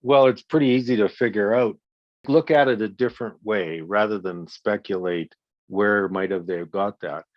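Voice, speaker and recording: A man in his sixties, the victim's father, speaks as a guest in an interview, his lowish voice at normal speed. He tells his story bluntly and emphatically, swearing often. The audio is dull, with no room sound.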